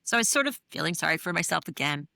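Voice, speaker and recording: Bright-voiced middle-aged woman telling her story. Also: low-pitched, big pitch swings, very fast, vocal fry, dry recording, clean studio sound. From New England. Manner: earnest, candid, many fillers. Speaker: interview guest, therapist and author. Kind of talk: reflective storytelling in an interview.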